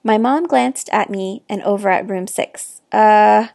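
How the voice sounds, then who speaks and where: A woman reading a children's novel aloud with expressive, clear narration. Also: mid-range voice, a little slow, dry recording, studio quality. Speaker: reader. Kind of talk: storybook read-aloud.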